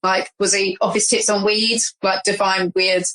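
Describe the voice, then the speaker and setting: A woman's voice: medium pitch, flat delivery, moderate pace, fairly bright tone, low-quality recording. A woman playing in an improvised tabletop game, casual and playful, hesitating with frequent ums. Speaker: player.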